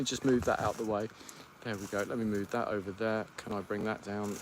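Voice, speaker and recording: A man hosts a relaxed solo livestream from home, letting his thoughts wander aloud and filling the gaps with ums. His voice sits on the low side. A faint hiss runs underneath. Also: fairly quick. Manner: rambling, thinks aloud with many ums. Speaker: podcast host. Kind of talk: casual solo livestream chat.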